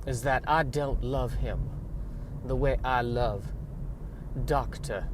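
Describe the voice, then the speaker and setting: A man voicing a fragile, genteel Southern belle woman with a Southern US accent, speaking slowly and theatrically. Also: mid-range voice, noisy background, natural voice. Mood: indignant. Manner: slow, languid, theatrical.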